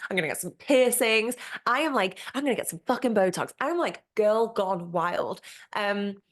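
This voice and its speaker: A woman's voice: medium pitch, animated, moderate pace. Candid, gushing woman podcast host. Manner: candid, gushing and heavy on swearing; chatty with frequent "like" and "um" fillers. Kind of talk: casual solo podcast monologue.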